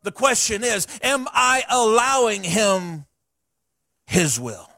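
Speaking slowly with vocal fry, a middle-aged male pastor delivers a folksy, animated sermon in a church sanctuary and slips into chatty asides. He sounds high for a man, captured dry and close with little room echo.

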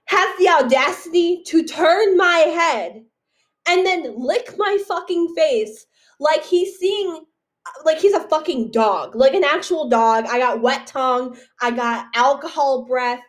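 A young woman with a fairly high voice tells wild club stories on a podcast. She swears freely and keeps the chat loose and animated. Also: slow. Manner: profane, animated storytelling. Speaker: podcast co-host. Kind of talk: casual chat.

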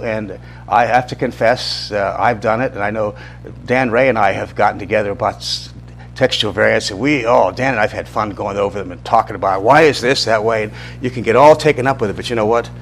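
A man's voice: on the low side, slight background noise. A middle-aged man teaching an informal church Bible class, talking conversationally, asking the class questions and often restarting his sentences.

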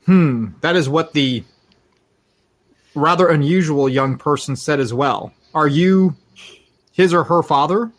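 A man's voice: on the high side, unhurried, long pauses. A man voicing a pompous, formal male detective who speaks in stiff, old-fashioned phrases. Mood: haughty.

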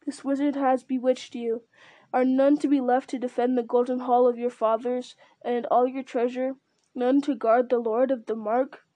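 Woman doing sly whiny old counselor guy, a bit high, mellow tone. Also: little pitch movement, normal speed, dry recording, natural voice, rough recording. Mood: pleading. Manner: wheedling, whining.

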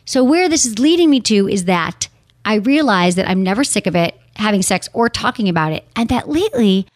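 A woman's voice: mid-range voice, expressive, a little fast, no echo, studio quality. A woman hosting a podcast about sex and relationships, talking in a casual, chatty way full of "like" fillers.

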